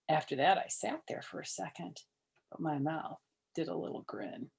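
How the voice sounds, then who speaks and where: A woman's voice: sits low, normal speed, creaky, a little mellow, breathy edge. An older woman reading a children's chapter book aloud, with chatty asides to her listeners. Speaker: storyteller.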